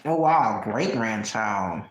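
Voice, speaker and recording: Slow-paced yet animated, a woman with a very deep voice snacks, laughs a lot, and talks openly with her viewers during a live stream. She's in her late thirties, and the very echoey room adds slight background noise.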